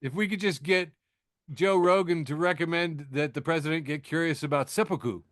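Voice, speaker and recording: Clean studio audio with no room sound captures this man's fairly high, slightly bright voice moving at a quick pace. Hosting a casual news podcast, he jokes sardonically, chuckles at himself, and keeps restarting and filling pauses.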